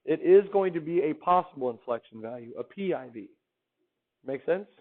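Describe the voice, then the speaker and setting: A man's voice: a little high, animated, normal speed. A man teaching a math class, lecturing in an upbeat way and quizzing his students as he goes. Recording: phone-like lo-fi classroom recording.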